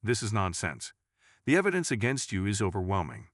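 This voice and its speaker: A man's voice: lowish voice, huge pitch swings, brisk, no room sound, clean studio sound. A man voicing an impatient, scornful male prosecutor who speaks sharply. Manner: sneering, sharp.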